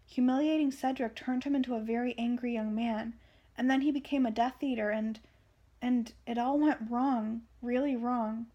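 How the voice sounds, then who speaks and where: A woman's voice: fairly high pitch, fairly even intonation, moderate pace, dark tone, highs cut off, lightly acted. A woman reading aloud the lines of a troubled, grave teenage wizard boy in a plain read-aloud manner.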